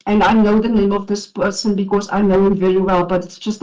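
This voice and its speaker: A woman with a South African accent testifying at an enquiry, her voice shaky and halting as she gets emotional. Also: medium pitch, level tone, warm tone, lo-fi sound. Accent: South African English. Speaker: witness at an enquiry. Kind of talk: sworn testimony, reading a statement.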